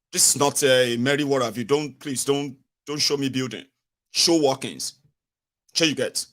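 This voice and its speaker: A Nigerian man hosting political commentary in a casual, animated way, mixing Pidgin into his English. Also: mid-range voice, brisk. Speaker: radio and online commentary host.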